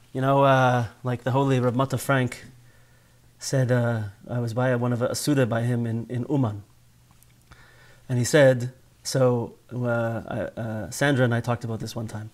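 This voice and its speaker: A man with a somewhat high voice teaches a Torah class in a conversational way. He often tosses questions to his listeners. His delivery moves between calm, low explanation and raised, urgent stretches. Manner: frequent tag questions to listeners.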